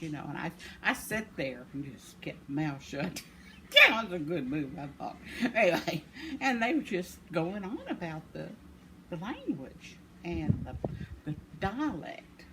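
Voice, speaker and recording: An older woman who vlogs from home tells a meandering story in a relaxed way, laughing at herself now and then. She speaks low and unhurried, her pitch swinging widely, and the home recording is noisy.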